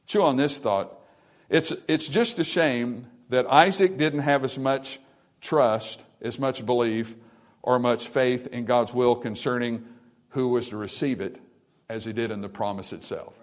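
A man preaching a sermon to his congregation, swinging between quiet, intimate stretches and loud, emphatic ones. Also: medium pitch, a little slow. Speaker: pastor. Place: church sanctuary.

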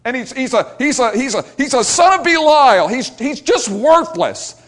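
A man voicing a furious, spiteful ancient man who stammers out accusations in a high, loud rant. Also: very animated, normal speed, exaggerated voice. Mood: indignant rant.

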